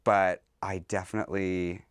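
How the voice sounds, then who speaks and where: A man's voice: deep voice, flat delivery, measured pace, clear, resonant tone, dry recording. A man, a drag performer, talking candidly as a podcast guest and slipping into other people's voices while telling stories. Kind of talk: casual interview.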